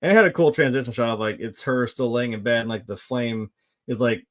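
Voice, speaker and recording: A man reviewing a film in a loose, conversational ramble. His voice sits at an ordinary middle pitch, and he peppers his talk with "uh", "like" and casual swearing. He often breaks into a short laugh as he goes. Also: fairly quick. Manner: laid-back, rambling, laughs often, frequent fillers and swearing.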